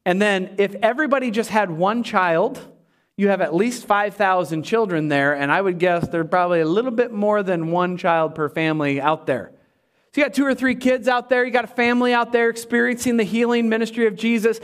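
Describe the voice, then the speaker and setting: A pastor delivering a sermon, emphatic and animated, with humorous asides to the congregation. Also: male voice, sits high, brisk.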